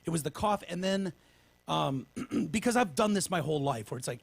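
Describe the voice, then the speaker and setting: A man on a casual podcast, telling stories in a rambling, profane way, restarting his sentences often. His voice is gravelly and a little husky and sits slightly high. He sounds winded while he gets over pneumonia. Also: animated, normal speed, no room sound. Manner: rambling storyteller, swears freely, restarts often. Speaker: podcast host.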